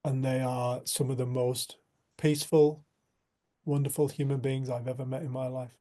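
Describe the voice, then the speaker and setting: A man leading a community group, speaking in a reflective spiritual talk and telling a story in an earnest, unhurried way. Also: mid-range voice, little pitch movement, mellow.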